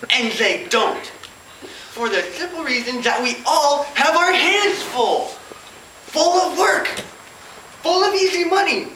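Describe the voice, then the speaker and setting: A woman's voice: high-pitched, bright, forceful tone, roomy sound, far from the mic, a little hiss or hum, low-quality recording. A woman delivering a comic competition speech in mock-grand oratory. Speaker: competition speaker.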